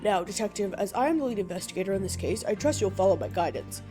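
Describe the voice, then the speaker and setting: A woman's voice: medium pitch, expressive, fast talker, mellow, soft background music, lightly acted. A woman voicing a pompous, bossy lobster detective in a game. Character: pompous male lobster detective, self-important.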